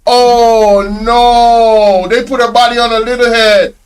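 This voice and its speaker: A man's voice: very high voice, little pitch movement, takes it slowly, clear, resonant tone. A man hosting a reaction video, exclaiming in disbelief, laughing often and talking to his viewers in casual slang. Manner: slang-heavy, addresses viewers directly.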